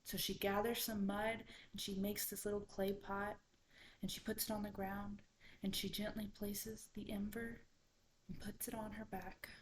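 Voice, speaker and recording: A woman student tells a folktale from memory, in an expressive storytelling voice. Her pitch sits in the middle range. At the suspenseful moments she sinks into a whisper. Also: moderate pace, slight background noise, rough recording. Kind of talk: oral folktale retelling.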